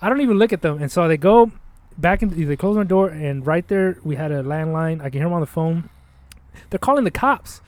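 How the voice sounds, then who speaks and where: A young man tells a rambling story in casual chat, swearing freely and acting out lines of dialogue. He talks quickly in a slightly high voice. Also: dry recording. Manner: rambling, profane, animated, acts out quotes.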